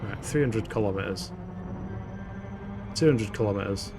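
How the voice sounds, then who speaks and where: Over background game music, a man with a fairly low voice chats through his game stream at a moderate pace. His commentary is loose and full of swearing, laughter and self-mockery.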